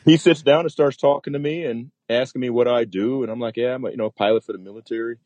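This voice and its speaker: A man's voice: medium pitch, steady tone, fast talker, a little mellow, no echo, lo-fi sound. A man, a military pilot, telling a story in a casual interview and acting out the voices of the people in it.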